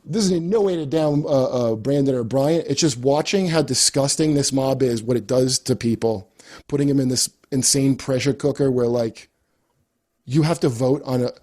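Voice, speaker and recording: A man's voice: medium pitch, moderate pace, a little mellow. A man talking casually on a podcast, rambling and swearing as he laughs at his own jokes. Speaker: comedian guest.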